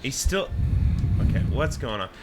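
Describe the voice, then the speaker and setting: A man co-hosting a casual podcast, talking in a relaxed way while playing a video game. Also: medium pitch, moderate pace, over music. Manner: relaxed, laughs easily, talks while playing.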